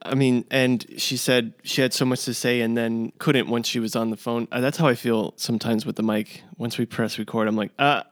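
A man hosting a podcast, talking in a relaxed, reflective way. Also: mid-range voice, brisk, few pauses, no echo, clean studio sound. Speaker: podcast host. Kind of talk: casual chat.

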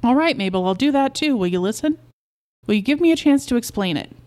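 A woman voicing an excitable, proud middle-aged beekeeper husband who coaxes and insists, in a storybook reading. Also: a little high, quick pace, voice pushed up, close to an everyday voice. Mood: excited.

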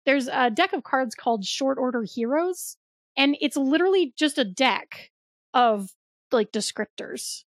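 A woman's voice: sits high, expressive, a little slow, dry recording, studio quality. A young woman co-hosting a podcast, chatting casually with lots of likes and rights and easy laughs. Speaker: podcast co-host. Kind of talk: casual chat.

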